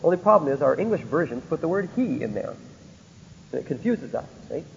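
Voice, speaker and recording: A man's voice: fairly high pitch, big pitch swings, fairly quick, gravelly, a little hiss or hum. A man teaching a Bible lecture, often stopping to ask his listeners rhetorical questions to check they follow. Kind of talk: recorded theology lecture. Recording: dull lo-fi recording in a reverberant hall.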